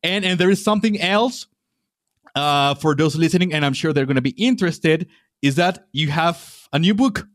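A man's voice: fairly high pitch, normal speed, no room sound, studio quality. A man hosting a podcast interview, talking casually and thinking aloud, often restarting his sentences. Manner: hesitant, many fillers and restarts. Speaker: podcast host.

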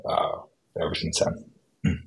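A man in his forties, an esports company CEO, talking as a guest in a relaxed, informal way with lots of "you know" and "right?". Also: slow pace, poor audio. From United States. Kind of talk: casual interview.

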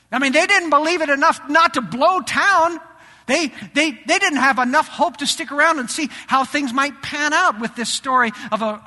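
A man delivering a sermon with a high, very bright and piercing voice. He swings between loud, animated preaching and hushed lows. The sound carries a long reverb from a church hall. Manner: animated preaching, rising and dropping his voice for emphasis. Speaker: pastor. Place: church sanctuary.

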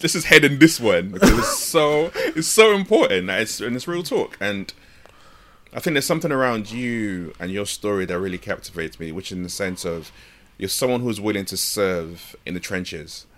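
A male podcast host with a very low voice that still has a bright, forceful edge. He talks in a reflective, affirming way and builds on his guest's points. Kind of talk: casual conversational interview.

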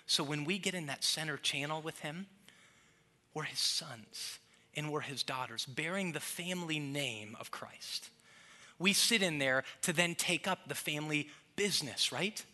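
Bright-voiced male pastor preaching. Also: fairly high pitch, animated, normal speed. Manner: preaching with rising emphasis, quoting his toddler in soft voices. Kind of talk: sermon.

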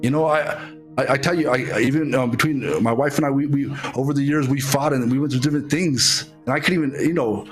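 A man preaching an online sermon, halting and repeating his words, earnest and heartfelt, calling viewers to prayer. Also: mid-range voice, faint music behind. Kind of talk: online sermon with altar call.

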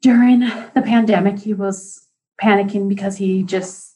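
A woman who works in school interventions, telling a story in an animated way during an interview. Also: medium pitch, unhurried, poor audio.

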